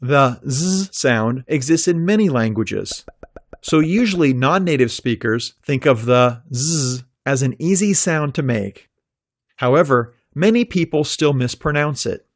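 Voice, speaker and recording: Male narrator for a pronunciation lesson: slow and deliberate, holds out example sounds, dry close-mic read. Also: medium pitch, animated, dry recording. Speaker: pronunciation teacher. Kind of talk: scripted instructional narration.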